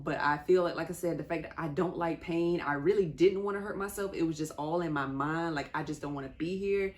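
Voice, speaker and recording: A young woman telling a personal story in a candid, conversational way, with small laughs between sentences. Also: low voice. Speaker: vlogger.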